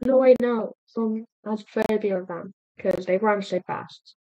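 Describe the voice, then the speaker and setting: A woman giving casual let's-play commentary, excitable and talking aloud to the animals in her game. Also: mid-range voice, slow pace, hardly any pauses, highs cut off. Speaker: gameplay streamer.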